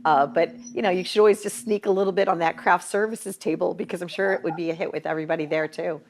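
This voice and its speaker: A woman's voice: lowish voice, steady tone, quick pace. A woman hosting a talk show, chatting casually with guests and laughing often. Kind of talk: casual interview chat.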